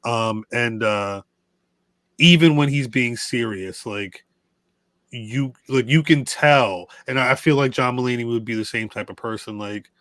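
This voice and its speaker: A man's voice: mid-range voice, measured pace, a bit bright, dry recording. A man co-hosting a podcast, talking casually and thoughtfully with frequent hesitant restarts. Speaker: podcast co-host. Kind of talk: casual chat.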